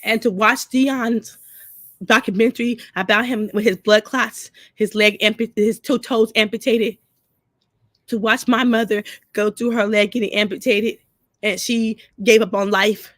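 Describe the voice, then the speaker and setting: A woman's voice: a little high, steady tone, measured pace, fairly bright tone, no room sound, clean studio sound. A crying woman pouring out a profane, repetitive rant to her camera, speaking. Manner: tearful, repeating herself, profane. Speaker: vlogger. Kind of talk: emotional personal rant to camera.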